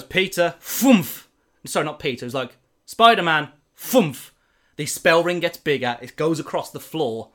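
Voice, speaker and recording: Animated man telling a story. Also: fairly high pitch. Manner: animated, lots of "like" fillers. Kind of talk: casual storytelling.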